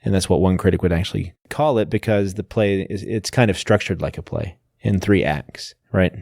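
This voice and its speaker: A man's voice: low-pitched, moderate pace, creaky, a little mellow, no room sound, clean studio sound. A man hosting a podcast, casually explaining a novel's background and stopping to restart his sentences. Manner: explanatory, lists facts, frequent restarts. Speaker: podcast host. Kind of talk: casual book discussion.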